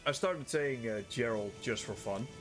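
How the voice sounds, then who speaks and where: A man's voice: mid-range voice, moderate pace, fairly bright tone, soft background music. A man from the Netherlands streaming a game live, joking about himself and swearing freely as he talks through his inventory. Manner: joking, self-mocking, swears often. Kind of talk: casual live gameplay commentary.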